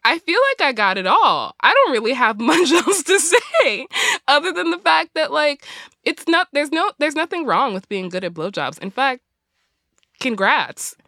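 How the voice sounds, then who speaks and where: A woman co-hosting a podcast, rushing through a profane comic story and laughing between lines. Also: high voice, very animated, bright, forceful tone, no room sound, clean studio sound. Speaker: podcast co-host. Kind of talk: rapid comedic recap.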